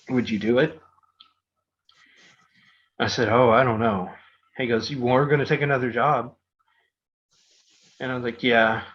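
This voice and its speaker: A man's voice: mid-range voice, fairly bright tone. A middle-aged man hosting a podcast, telling a rambling story full of fillers and restarts. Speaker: podcast host. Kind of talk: casual storytelling. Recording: dull lo-fi podcast audio.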